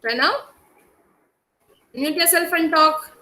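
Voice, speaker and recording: Indian woman, kindergarten teacher on a video call; high, drawn-out, patient delivery. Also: sharp tone, poor audio. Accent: Indian English. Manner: slow, coaxing, drawn-out words for young children. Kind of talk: online class teaching.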